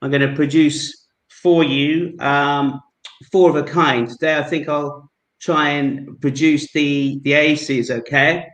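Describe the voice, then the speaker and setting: Over a video call, a polite, friendly Londoner from England shows a card trick as a guest amateur magician, talking through every step. He takes it slowly in a level, slightly high and bright voice, and the recording is rough with a roomy sound.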